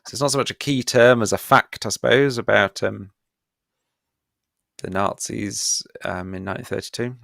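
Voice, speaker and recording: A man with a very low voice leads a live online revision quiz for students. He is playful and pokes fun at himself, and his voice sounds dry and close. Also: fairly even intonation, moderate pace, vocal fry, a bit bright, no room sound. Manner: playful and self-mocking, chuckles often. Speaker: history teacher.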